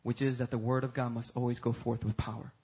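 A man preaching a sermon as pastor, swinging between loud emphatic peaks and low, intense passages. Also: little pitch movement, fast, husky.

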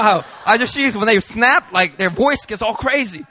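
A man preaching a sermon as a pastor, telling a story in an animated way, acting out the people he quotes and laughing as he goes. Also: high voice, moderate pace, raised voice. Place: church hall.

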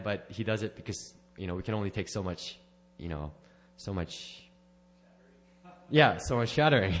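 A man sharing a personal testimony at church, rambling and correcting himself, with small laughs. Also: lowish voice. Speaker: church member giving a testimony.

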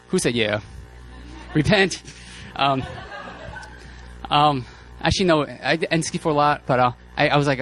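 A man preaching a sermon, telling personal stories in a casual, joking, animated way with many fillers and restarts. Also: on the high side, normal speed, soft background music.

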